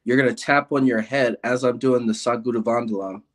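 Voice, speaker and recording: A man's voice: medium pitch, fairly quick. A man who is an interview guest, chatting casually and telling stories with lots of laughter. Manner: animated storyteller, laughs often. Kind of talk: casual chat.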